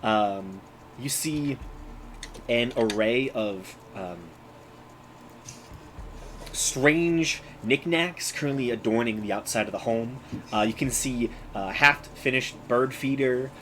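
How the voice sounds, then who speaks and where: A man narrating a tabletop game as game master, pausing often with ums and uhs. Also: mid-range voice, fairly bright tone, a little hiss or hum, low-quality recording. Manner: halting, many ums and uhs.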